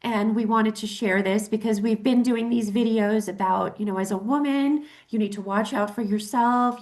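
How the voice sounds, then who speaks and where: A middle-aged woman tells a story in a casual talk show. She is chatty and animated, often restarting her sentences. She acts out the voices of the people she quotes. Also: mid-range voice. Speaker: co-host.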